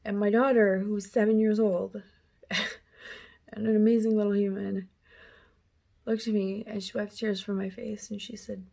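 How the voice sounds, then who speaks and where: A woman in her thirties speaks candidly about a painful stretch of her life, her voice mid-pitched and plain. She talks emotionally, with small laughs slipping in at the hardest moments, and her words come unpolished and direct. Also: little pitch movement, measured pace, gravelly, long pauses, warm tone. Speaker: speaker sharing personal story. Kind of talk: personal storytelling.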